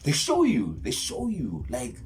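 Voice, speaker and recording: A South African man telling a personal story in casual vlogger talk, rambling and animated, dropping to whispers and repeating himself as he goes. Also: medium pitch, measured pace, slight background noise. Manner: rambling, animated retelling with whispered asides and many restarts. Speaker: spiritual vlogger.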